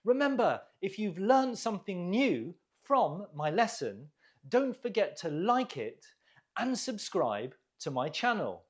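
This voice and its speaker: A man teaching an English vocabulary lesson, explaining words clearly and asking learners questions to repeat. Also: high-pitched, unhurried. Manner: clear, lively teaching delivery with rising questions.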